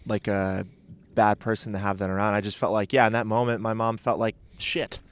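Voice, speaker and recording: A man's voice: lowish voice, little pitch movement, a little fast, smooth. A man chatting casually as a podcast guest, rambling and hesitant with lots of filler words.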